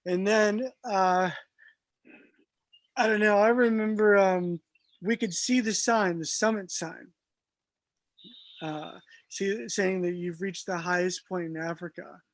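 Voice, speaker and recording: A man guest telling a personal story in a casual, animated way, laughing often and using lots of fillers. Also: high voice, takes it slowly, pauses often, no room sound.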